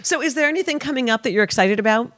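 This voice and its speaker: A woman hosting a casual interview, chatty and quick to laugh. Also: a little high, lively intonation, a bit bright. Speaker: podcast host.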